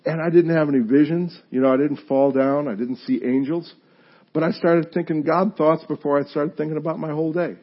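A man preaching a conversational sermon as pastor, animated and joking, acting out what his listeners might say. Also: fairly high pitch, fairly quick, muffled recording. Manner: animated, acts out listeners' reactions, self-deprecating humor.

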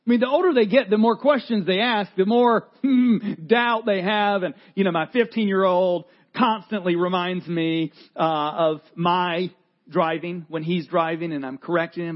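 A man's voice: sits high, normal speed. Earnest pastor man, dull lo-fi audio. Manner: conversational, earnest, with repeated restarts. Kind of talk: sermon.

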